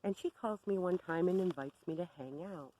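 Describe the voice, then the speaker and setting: A woman's voice: lowish voice, moderate pace, warm tone, highs cut off, a little hiss or hum. A woman telling a story to camera in a sardonic, exasperated rant. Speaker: vlogger.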